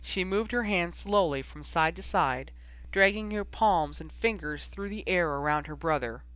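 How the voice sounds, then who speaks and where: Male audiobook reader, bright and somewhat high, even storytelling. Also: normal speed, clean tone. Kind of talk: audiobook narration of fan fiction.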